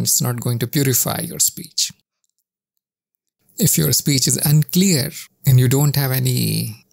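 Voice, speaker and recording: A spiritual teacher gives a spoken teaching monologue, calm, measured and instructive, with deliberate pauses. His mid-range voice is strongly gravelly and fried, recorded dry and close with no room sound.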